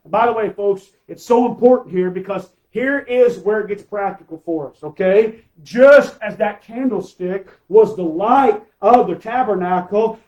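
High-voiced preacher calling for amens. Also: male voice, normal speed, hardly any pauses, a little mellow, muffled recording. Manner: emphatic, calls for amens, rhetorical questions. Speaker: pastor. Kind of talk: sermon.

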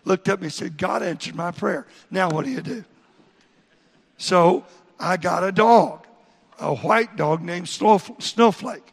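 Male pastor, folksy sermon storyteller, husky rasp, reverberant church room. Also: high-pitched, a bit bright. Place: church sanctuary.

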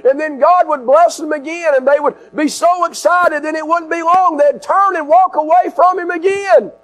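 A man preaching a sermon, swinging from shouts to hushed asides. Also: very high-pitched, fairly even intonation, moderate pace, rough recording. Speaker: pastor. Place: outdoor tent service. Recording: mains hum in background.

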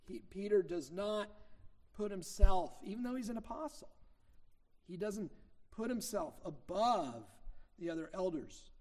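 A middle-aged man preaches a sermon with a high voice. He teaches in a relaxed, conversational way, telling stories. He presses hard on the points he wants to land. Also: unhurried. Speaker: minister.

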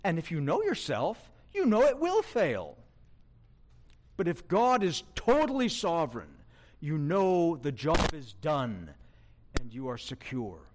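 A man delivers a sermon slowly and emphatically, asking his listeners questions directly. His fairly high voice swings widely up and down.

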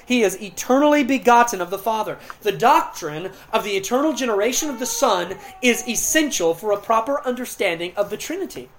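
Her voice a little high, a woman preacher gives a sermon over slight background noise. She lingers on key words and moves back and forth between loud emphasis and quiet, hushed passages.

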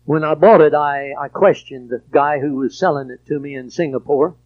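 A man preaching a sermon, swinging from quiet storytelling to loud, emphatic passages. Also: fairly high pitch, normal speed. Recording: dull lo-fi recording.

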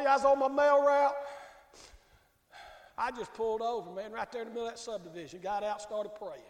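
A man preaching a folksy, emphatic sermon to his congregation as pastor in a church sanctuary. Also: extremely high pitch. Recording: echoey hall with long reverb.

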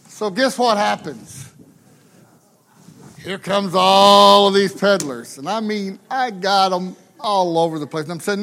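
A pastor from the United States spins a humorous story from the pulpit in a fairly high voice. He speaks slowly and in a folksy, chatty way. He keeps checking in with his listeners through tag questions. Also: creaky, pushed and bright.

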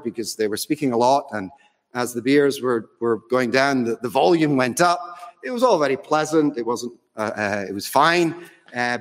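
A man's voice: a little high, big-room sound. A man preaching a sermon in a church, telling a story in a conversational way with fond humour.

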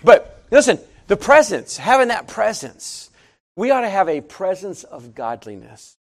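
Middle-aged pastor guy preaching, pretty high voice, chatty then gets loud and fired up. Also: sing-song, measured pace. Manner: conversational storytelling, building to loud emphatic preaching. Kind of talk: sermon.

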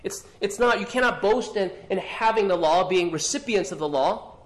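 A man preaching an expository sermon, earnest, often repeating and restarting phrases and clearing his throat. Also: high-pitched, animated, moderate pace. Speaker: pastor.

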